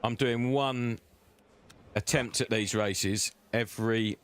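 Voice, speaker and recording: A man streaming a sim racing game live, chatting and joking with his viewers as he drives, his voice close and loud on his own desk mic. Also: fairly low pitch, fairly even intonation, slow pace. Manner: chatty, banters with chat, cheeky. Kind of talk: live-stream gameplay commentary.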